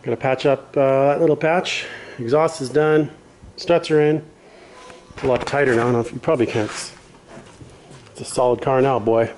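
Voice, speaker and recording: A man's voice: medium pitch, fairly even intonation, normal speed, long pauses, a little mellow, slight background noise, poor audio. A man doing a casual garage vlog as a home mechanic, blunt and self-deprecating, swearing now and then, out of breath at times.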